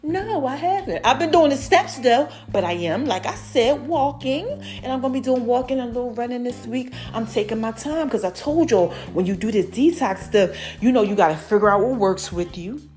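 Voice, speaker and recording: A young adult woman talks straight to her listeners as a podcast host, chatty and animated. Her voice sits fairly high and jumps up and down in pitch, drawing out her exclamations. Faint music plays quietly behind her. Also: a little fast. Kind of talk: casual chat.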